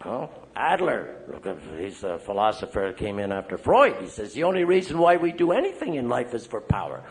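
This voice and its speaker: An older man, a priest speaking at a recovery meeting, telling lively stories and checking in with the crowd as he goes. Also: mid-range voice, brisk. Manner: lively storyteller, acting out quoted voices. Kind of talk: recovery meeting talk to an audience.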